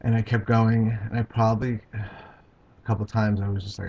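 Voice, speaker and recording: A man vlogging about his own experience, talking in a halting, hesitant way with many pauses and restarts. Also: on the low side, completely flat delivery, creaky, a little mellow, breathy edge. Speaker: video blogger. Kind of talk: casual personal recount. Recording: dull lo-fi home video sound.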